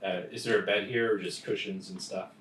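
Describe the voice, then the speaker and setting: A man's voice: sits low, steady tone, brisk, fairly bright tone. A man playing a tabletop game in casual chat, with a playful, giggly manner. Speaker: player. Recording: roomy, distant mic with clear noise.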